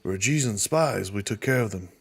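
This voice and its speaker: A man voicing a calm, authoritative male officer in a tabletop game. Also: lowish voice, normal speed, breathy edge. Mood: reassuring.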